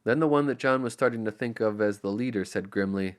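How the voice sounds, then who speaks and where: A man narrating an audiobook in an expressive, storytelling manner. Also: on the low side, a little fast, hardly any pauses. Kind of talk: scripted narration.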